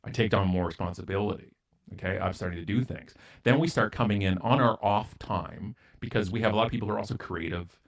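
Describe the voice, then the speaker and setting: A man's voice: lowish voice, fast. A man from Canada, a guest speaker, telling a story in an interview in a blunt, self-mocking way and acting out both sides of the dialogue.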